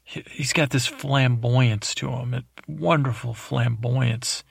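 A man's voice: medium pitch, steady tone, slow pace, creaky, slightly rough, dry recording, clean studio sound. A man hosting a sleep podcast, rambling and meandering through an episode recap with drowsy, self-deprecating asides. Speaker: podcast host.

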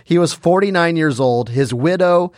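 A man's voice: a little high, moderate pace, no echo, clean studio sound. A man co-hosting a casual talk show, mocking a bad show's lines with sardonic asides. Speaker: podcast co-host. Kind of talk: casual chat.

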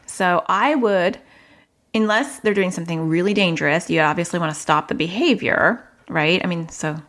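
A woman's voice: on the low side, moderate pace, fairly bright tone. Chatty woman podcast host giving parenting advice. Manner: chatty, laughs at herself, acts out child voices.

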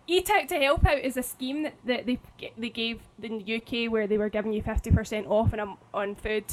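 Woman, 30s, slight lisp, high-ish voice, casual podcast chat. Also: fairly even intonation, brisk, slight background noise, poor audio. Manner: chatty storyteller, many restarts and laughs. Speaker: podcast co-host.

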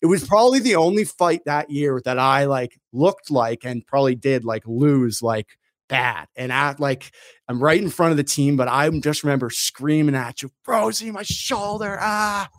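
A man in his thirties, a former pro hockey player and podcast guest, telling a story in a casual, animated way. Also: mid-range voice, moderate pace, no echo, clean studio sound. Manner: animated, acts out his own shouts in the story.

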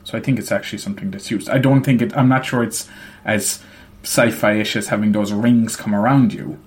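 A man's voice: fairly low pitch, steady tone, fairly quick. A man co-hosting a casual podcast, talking about a video game in a hesitant, explanatory way. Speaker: podcast co-host. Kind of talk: casual game discussion chat.

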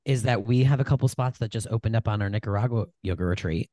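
A man co-hosting a casual podcast chat, joking and teasing with lively energy, on a desk mic in a dry room. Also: on the low side, fast talker, no room sound. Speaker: podcast co-host. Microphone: desk mic on a short stand.

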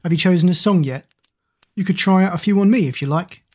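A woman's voice: on the low side, quick pace, darkish tone, close to an everyday voice. A woman voicing a male talking doll, teasing and dry. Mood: wry. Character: wry talking doll, gloomy male friend.

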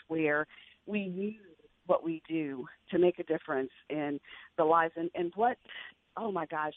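A woman's voice: sits low, dry recording. An older woman, a veteran journalist, telling an emotional personal story as a radio guest, with earnest restarts. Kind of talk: heartfelt interview storytelling. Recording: tinny phone-like radio line.

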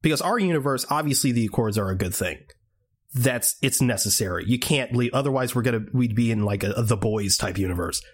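Male podcast co-host, mid-pitched, casual and rambling, swears freely. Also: lively intonation, a little fast. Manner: heated, swearing rants with acted-out quotes; rambling with many restarts. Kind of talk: casual chat.

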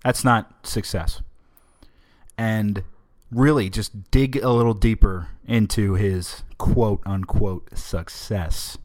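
Low-voiced man hosting a political podcast. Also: slow pace, darkish tone. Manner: opinionated, conversational, emphatic. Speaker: podcast host.

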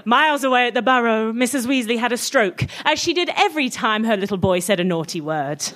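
High-pitched woman, giggly, playful comic reading aloud. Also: animated, brisk, fairly bright tone. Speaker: reader. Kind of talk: comic reading of a parody story.

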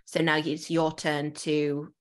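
Woman podcast host, lower voice, chatty and lively, acts out quotes. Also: slow pace. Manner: animated storytelling, acting out quotes with laughs. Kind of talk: casual conversational interview.

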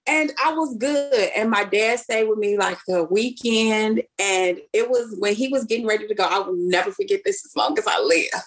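A young Chicago woman with a mid-range voice casually tells a personal story at normal speed. She's animated, acting out the voices of the people she quotes.

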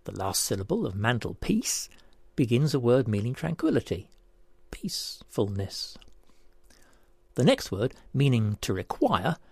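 Gravelly man setting a word puzzle. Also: medium pitch, wildly swooping pitch, darkish tone, no echo. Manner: deliberate, spells out each step. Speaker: puzzle presenter. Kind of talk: scripted word puzzle presentation.

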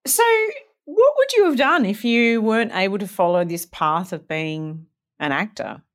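Woman, co-host, curious questioner, animated intonation, mid pitch. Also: moderate pace. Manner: curious questioner, laughs easily. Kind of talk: casual interview talk.

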